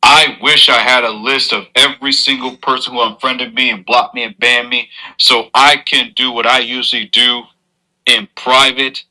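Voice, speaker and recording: Male streamer, mid-pitched with a very bright tone; preachy, earnest advice monologue. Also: level tone, normal speed, rough recording. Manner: lecturing, earnest, moralizing.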